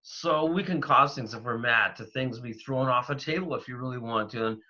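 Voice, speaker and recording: A man from Canada, a paranormal investigator, talking in a rambling, animated way with lots of fillers. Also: medium pitch, normal speed. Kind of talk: casual interview talk. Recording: dull, lo-fi remote audio.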